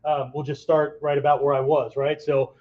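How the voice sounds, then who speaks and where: A man teaching a martial arts whiteboard lesson, demonstrating shouts and vocal sounds and checking in with "right?" after nearly every phrase. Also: on the high side, little pitch movement, normal speed, highs cut off.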